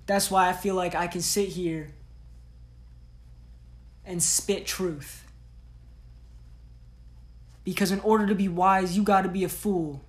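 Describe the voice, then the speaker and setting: A woman with a fairly low voice delivers a solo podcast monologue. Her talk is blunt, heavy with slang and swearing, and pushes tough love at the listener. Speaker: podcast host.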